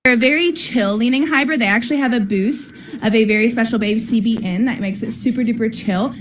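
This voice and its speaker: A woman hosting an excited livestream sale, bubbly and hyped, calling out to viewers by name, with music playing behind her. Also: on the high side, quick pace, slight background noise. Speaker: livestream sales host.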